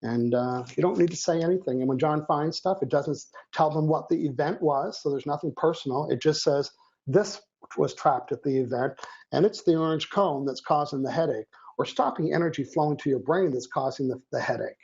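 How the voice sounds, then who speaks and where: Chatty man with a gravelly voice. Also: on the high side, a little fast, darkish tone. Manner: chatty, joking, reads out viewer names. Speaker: co-host. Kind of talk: live-stream show chat. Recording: dull lo-fi stream audio.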